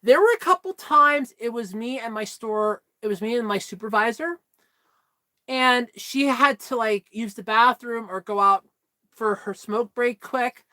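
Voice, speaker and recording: A woman vlogger telling stories in a casual chat, animated, swearing freely and laughing often. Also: fairly high pitch, measured pace, dry recording.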